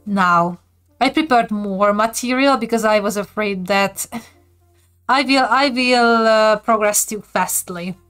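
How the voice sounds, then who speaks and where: A woman's voice: mid-range voice, takes it slowly, fairly bright tone, clear, resonant tone, soft background music. A woman from Hungary, speaking with a Hungarian accent, chatty and giggling often as she teaches viewers on a casual live stream.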